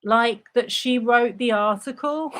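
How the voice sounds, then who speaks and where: A woman's voice: fairly high pitch, slow pace, fairly bright tone. Woman reading a deposition aloud. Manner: reads several parts in turn, interjects sarcastic asides. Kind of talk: live dramatic reading with commentary.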